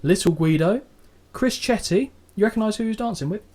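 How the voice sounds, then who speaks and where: Sweary, jokey man, slightly high voice. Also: expressive, brisk, darkish tone. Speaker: podcast co-host. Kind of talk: casual chat.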